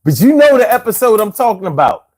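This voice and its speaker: Animated man telling slangy stories. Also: high-pitched, quick pace. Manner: animated, slangy storytelling, laughs often. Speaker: show host. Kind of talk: casual chat on a live show.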